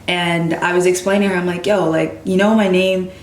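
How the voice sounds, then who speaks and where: A woman's voice: fairly low pitch, fairly quick. A young woman vlogger talking casually to her camera, telling stories and acting out what other people said. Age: young adult. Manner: animated, quotes others in lively voices. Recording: echoey room.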